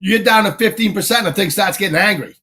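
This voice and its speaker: A man hosting a podcast, telling an animated, profane story in casual chat and acting out the quotes. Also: high voice, very fast. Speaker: podcast host.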